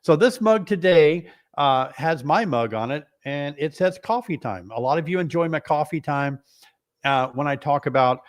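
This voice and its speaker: A middle-aged man chats on a live stream, his voice bouncing high and low with lively swings. He sounds short of breath, coughing between playful, teasing remarks. His pitch sits a little above the usual male range. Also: moderate pace. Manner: playful, teasing, with animated exclamations. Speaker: beekeeping host. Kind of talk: casual live stream chat.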